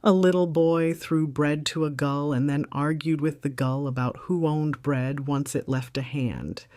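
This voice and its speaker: A woman's voice: low-pitched, steady tone, a little slow, mellow, no room sound. A middle-aged woman narrating her own story in the first person with a composed, wry, reflective delivery.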